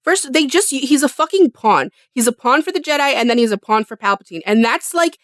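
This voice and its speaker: A woman with a fairly high voice argues her points emphatically in a casual podcast chat. She swears freely as she talks. The sound is dry and close to the mic. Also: expressive, brisk, fairly bright tone, no echo. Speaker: podcast co-host.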